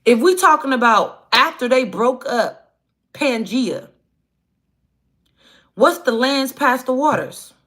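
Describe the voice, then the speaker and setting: A woman hosting a livestream, telling a story in a casual, animated and profane way. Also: high voice, slow, long pauses. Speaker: livestream host.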